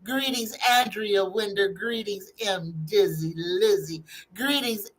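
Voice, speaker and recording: A woman's voice: medium pitch, takes it slowly, rough recording. A woman hosting a live tarot stream, chatting casually in a folksy way and greeting her viewers one by one.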